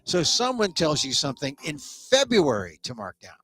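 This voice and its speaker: Casual talk show host, a guy with a slightly high voice ranting sarcastically, lots of quick restarts. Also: wildly swooping pitch, fairly bright tone. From United States. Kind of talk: comedic monologue rant.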